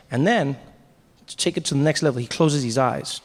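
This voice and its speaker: A man performing stand-up comedy, telling a story in an animated way. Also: medium pitch, a little fast. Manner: animated, big voice swings for characters.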